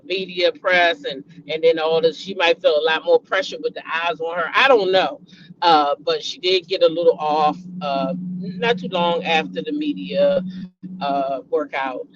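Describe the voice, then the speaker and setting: A woman's voice: sits low, dull audio, a little hiss or hum. A woman hosting a casual gossip vlog, laughing a lot and cursing freely as she talks. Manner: laughing, profane, excitable. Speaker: host.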